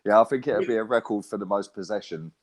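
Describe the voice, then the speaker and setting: A man telling animated, swear-filled football stories in a casual chat, tagging lines with "right?" and "mate". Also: lowish voice, quick pace, a crowd in the background. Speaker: co-host, football fan pundit.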